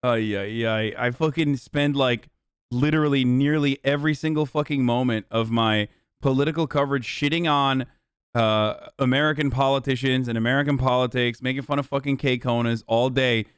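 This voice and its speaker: A man's voice: mid-range voice, fairly even intonation, moderate pace, clean tone, no echo, clean studio sound. A man hosting a live stream, talking casually and sarcastically with lots of swearing. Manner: profane, sarcastic. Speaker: streamer host.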